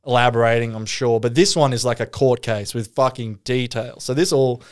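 Profane rambling man, smooth voice. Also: medium pitch, fairly even intonation, brisk. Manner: profane, rambling storyteller with frequent fillers. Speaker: podcast co-host telling a story. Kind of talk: casual chat.

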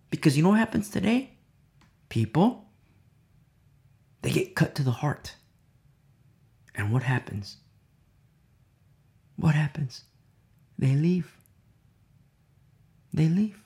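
A male preacher delivering a dramatic sermon, swinging from loud declarations to hushed whispers. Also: on the high side, big pitch swings, slow pace, creaky, pauses often.

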